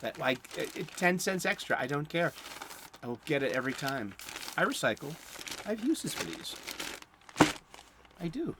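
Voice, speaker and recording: A man's voice: a little high, expressive, a little fast, noisy background. A middle-aged man, hosting a comics talk show in a casual, rambling monologue full of fillers and chuckles. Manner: chatty, chuckling, lots of fillers and restarts. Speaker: comics podcast host.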